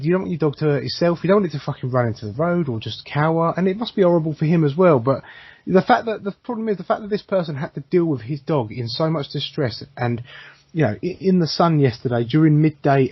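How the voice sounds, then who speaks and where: Husky-voiced man, blunt podcast chat. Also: a little high, no room sound, lo-fi sound. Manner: blunt, sweary, often restarts. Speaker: podcast co-host.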